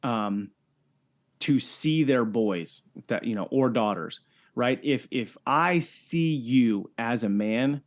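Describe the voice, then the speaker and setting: A middle-aged man talks as a guest in a casual podcast chat. His tone is emphatic and persuasive, and he punctuates his points with quick "right?" check-ins. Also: medium pitch, lively intonation. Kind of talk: casual faith-based conversation.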